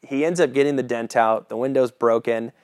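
A man's voice: mid-range voice, fairly even intonation, brisk, a little mellow, clean tone, no echo. A man preaching a sermon, telling a personal story in a casual, chuckling way and often asking the listeners "right?".

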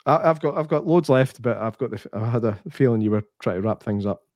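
Scottish male podcast co-host, sweary, animated storyteller, dry close sound. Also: medium pitch, quick pace, dry recording. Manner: sweary, animated storyteller who acts out quotes. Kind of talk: casual chat.

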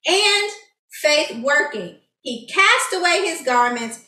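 A woman leads a Bible study, reading verses and then explaining them with eager, rambling enthusiasm. Her voice is high and crisp. The sound is distant, with a roomy echo. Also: lively intonation, slow, sharp tone. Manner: enthusiastic, chatty, many fillers. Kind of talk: excited teaching and scripture reading. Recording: echoey room, distant mic.

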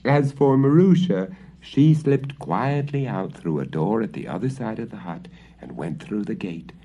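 A man reading a fairy tale aloud in an expressive, dramatic storybook style. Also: lowish voice, a little slow, a little hiss or hum. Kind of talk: storybook narration. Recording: dull lo-fi recording.

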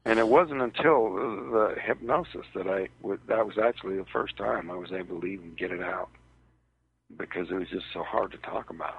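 A man recounting a personal ordeal as an interview guest, in a halting, hesitant way, heard over a tinny phone line on radio. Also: deep voice, steady tone, creaky, husky.

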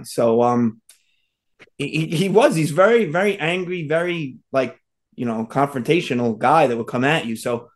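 A man on a podcast telling a long story in a rambling way, full of fillers and restarts. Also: a little high. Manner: rambling, full of "like" and "you know". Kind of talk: casual storytelling chat.

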